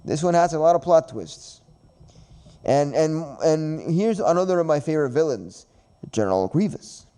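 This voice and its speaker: A man's voice: on the high side, animated, moderate pace, warm tone, clean tone. Rambling man hosting a casual podcast. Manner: rambling, repeats himself, laughs often. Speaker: podcast host. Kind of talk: casual chat.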